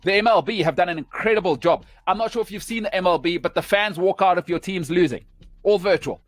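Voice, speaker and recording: A man's voice: high-pitched, fast, soft background music. A man hosting a sports show, delivering an opinionated rant in emphatic, punchy short phrases.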